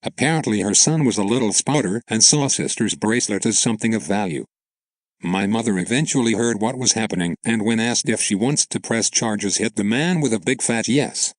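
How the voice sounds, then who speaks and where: A man's voice: on the low side, fairly quick, dry recording. A man narrating an online story aloud in a plain, matter-of-fact way.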